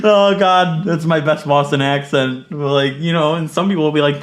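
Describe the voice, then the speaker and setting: A man's voice: on the high side, a little fast, few pauses. Chatty gaming man, mock outrage. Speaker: let's play gaming creator. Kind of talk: casual gameplay commentary.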